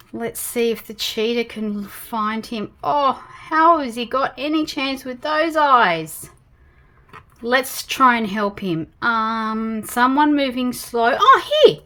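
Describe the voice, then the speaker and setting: An Australian woman reading a picture book aloud to young children, slow and animated, with gasps of surprise. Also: on the high side. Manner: animated, gasping, slow and exaggerated for toddlers. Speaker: storytime host reading picture books.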